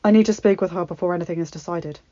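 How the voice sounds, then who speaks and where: A woman voicing a young prince in a storybook reading, stern and trying to stay calm, with a dry, muffled sound. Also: on the low side, rapid-fire, dry recording, natural voice. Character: young prince, earnest and strained, commanding.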